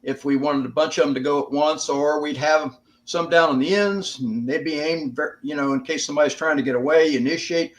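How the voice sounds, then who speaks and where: A man's voice: fairly high pitch, brisk. Older man telling stories in a plainspoken way. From United States. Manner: plainspoken, swearing, laughing through stories. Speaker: guest, veteran. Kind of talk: casual interview storytelling.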